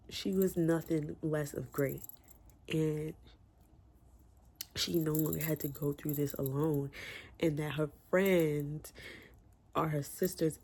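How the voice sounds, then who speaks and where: A man's voice: fairly high pitch, creaky, a little mellow, husky. A man giving a casual, emotional book review from home, talking candidly with slang. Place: room at home with window open.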